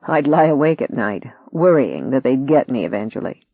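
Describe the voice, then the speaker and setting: A reader voicing a kindly, worried older man who speaks gently. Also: medium pitch, big pitch swings, moderate pace, slightly rough, no room sound. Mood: gentle. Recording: dry tinny phone-like sound.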